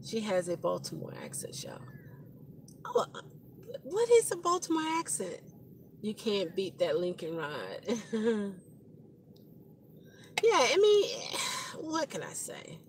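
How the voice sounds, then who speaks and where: Unhurried, reflective woman driver vlogging in her car, easy laughter, drawn-out folksy sayings. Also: medium pitch, wildly swooping pitch, slight background noise, low-quality recording. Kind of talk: casual vlog monologue. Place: inside a car.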